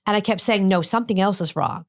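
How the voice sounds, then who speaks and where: A woman's voice: medium pitch, quick pace. A middle-aged woman, a guest on a talk show, telling a personal story and acting out the dialogue she quotes. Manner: animated, acts out quoted dialogue. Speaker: addiction expert guest. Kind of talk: personal storytelling in a podcast interview.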